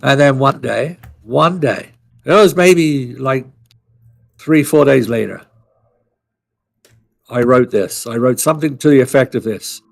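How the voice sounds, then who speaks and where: A man co-hosting a podcast, his voice rough with a gravelly, fried edge. He tells his story in a loose, rambling way, salty and blunt, often restarting his sentences. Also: mid-range voice, unhurried, long pauses. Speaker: podcast co-host.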